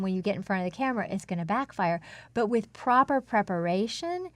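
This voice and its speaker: A woman speech coach in an interview, explaining speaking technique in a measured, instructive way. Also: mid-range voice, no room sound.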